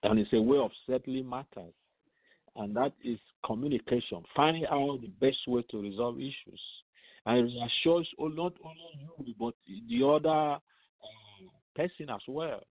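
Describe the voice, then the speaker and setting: A man's voice: mid-range voice, moderate pace, dry recording. A man teaching the Bible on a radio programme, asking rhetorical questions and answering them himself, often repeating words as he goes. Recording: narrow phone-line radio sound.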